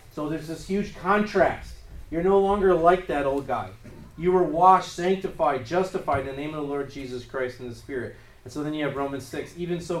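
A male preacher delivering a sermon, pushing key phrases hard and then dropping back to a quieter, plainer tone. His voice carries a roomy echo, as if picked up from some distance away, with a faint room hum behind it. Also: medium pitch. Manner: emphatic, rising in force on key phrases.

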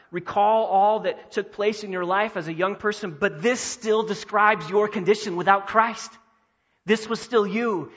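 High-pitched guy preaching, earnest and emphatic, kinda dull lo-fi church recording. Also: fairly bright tone. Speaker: pastor. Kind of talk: sermon. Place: church sanctuary.

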